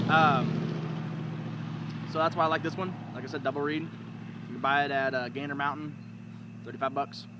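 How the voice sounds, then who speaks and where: A man's voice: mid-range voice, very noisy. A man giving a rambling, informal how-to lesson, often breaking into sounds to demonstrate. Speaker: duck calling instructor. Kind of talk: casual how-to video.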